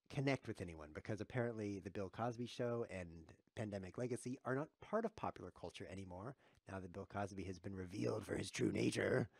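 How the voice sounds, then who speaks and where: A man's voice: low-pitched, gravelly, a little mellow, no echo. A man streaming live chess commentary, joking and chuckling as he reads chat messages aloud while he plays.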